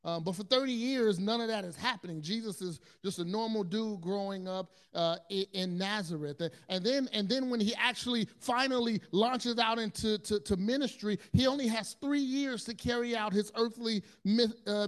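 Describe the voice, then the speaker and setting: A man with a notably high voice delivers a sermon in an earnest, storytelling way. He often stumbles over his words, repeating and restarting them. His delivery moves between quiet, low stretches and loud, intense bursts. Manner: swings between hushed low passages and loud, intense ones. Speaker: pastor.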